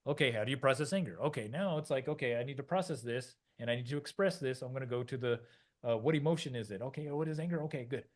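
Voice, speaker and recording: A middle-aged man talks through ideas in a loose, rambling way, full of fillers and restarts. He slips into little acted-out voices to make his points. His voice sits at an ordinary middle pitch. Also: fast talker. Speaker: podcast co-host. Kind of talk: casual conversational explanation.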